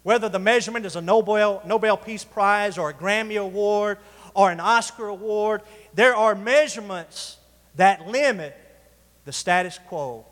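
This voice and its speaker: In a church sanctuary, a male pastor preaches to his congregation, calling out for responses and drawing out key words for emphasis. His voice is high-pitched and a bit bright, echoing through a reverberant church hall.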